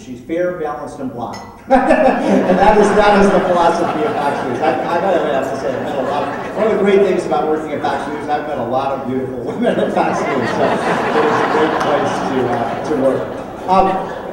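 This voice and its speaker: Man giving an echoey banquet speech. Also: a little high. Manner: joking, rambling storyteller with many restarts. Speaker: keynote speaker. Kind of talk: after-dinner speech with anecdotes. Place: banquet hall. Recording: echoey hall, distant mic, faint room noise.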